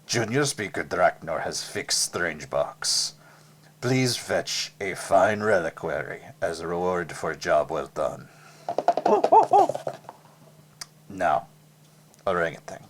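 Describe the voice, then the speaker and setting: A man voicing a vain, eccentric male tinkerer who speaks in halting broken English and is grandly full of himself, in an actual play podcast. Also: sits low, background noise. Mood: coaxing. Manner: halting broken English that drops small words; grandly self-regarding.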